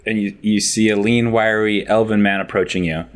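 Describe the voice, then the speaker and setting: A man's voice: fairly low pitch, steady tone, normal speed. A man narrating a tabletop game as game master, in a loose, laid-back way.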